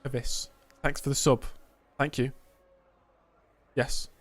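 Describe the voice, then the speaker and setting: A man's voice: mid-range voice, little pitch movement, slow pace. Joking man streaming a racing game. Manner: joking, banter with chat, addresses viewers as mate. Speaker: sim-racing livestreamer. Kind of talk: casual livestream chat, mock press conference. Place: indoor streaming setup with green screen.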